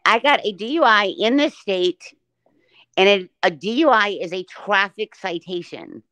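A woman's voice: mid-range voice, lively intonation, moderate pace, a bit bright, no room sound. Woman guest on a livestream, foul-mouthed and blunt, dry close sound. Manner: blunt, profane ranting. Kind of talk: casual livestream chat.

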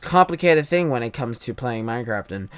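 A man hosting a gaming channel, rambling through Minecraft commentary and bursting into loud angry yelling. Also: mid-range voice, expressive, a little fast, clear, resonant tone.

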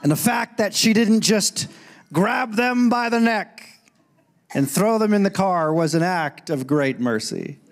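A middle-aged man preaching a sermon in a church, animated, breaking into loud calls when he quotes. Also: sits high, unhurried. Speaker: pastor. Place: church sanctuary.

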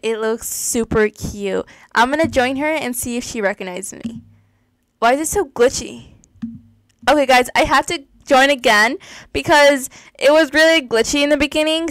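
High-pitched giggly young woman gamer. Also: clean tone, no echo, rough recording. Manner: giggly, gushing, excitable. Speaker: gaming YouTuber. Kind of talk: casual gameplay commentary.

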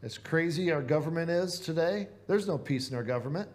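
A pastor with a Midwestern American accent preaches a sermon in church, earnest and conversational, putting rhetorical questions to the congregation. His voice is a little high, expressive, and a little fast.

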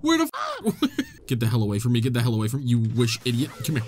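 Excitable, joking young gamer guy. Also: mid-range voice, quick pace. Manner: excitable, joking, laughs a lot, talks to game characters. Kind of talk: casual gameplay commentary.

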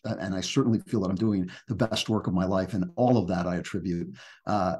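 Low-voiced man, reflective and emphatic. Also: steady tone, fairly quick, darkish tone. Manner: reflective, emphatic, with frequent restarts. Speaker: guest author. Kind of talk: podcast interview conversation.

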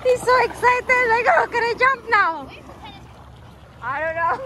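A woman's voice: very high voice, lively intonation, unhurried. A woman talking to dogs at the beach in a sing-song baby-talk voice, giggling between lines, filmed on a phone outdoors. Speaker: dog owner filming at the beach. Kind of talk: casual chat and dog talk. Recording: outdoor wind and water noise.

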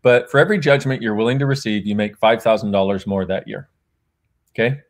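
A man with a fairly low, brisk voice, an author appearing as a guest, chats casually in conversation. He laughs often, acts out remembered dialogue, and rambles, correcting himself as he goes.

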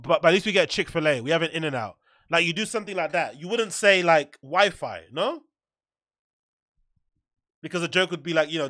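A man's voice: on the high side, sharp tone, dry recording, studio quality. A man hosting a reaction video, mocking and swearing freely as he comments.

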